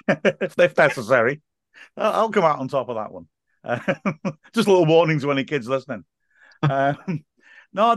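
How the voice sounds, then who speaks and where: A man's voice: medium pitch, no echo, clean studio sound. A man as a podcast guest, a stadium announcer and teacher, chatting casually and telling stories with frequent laughs and quoted voices.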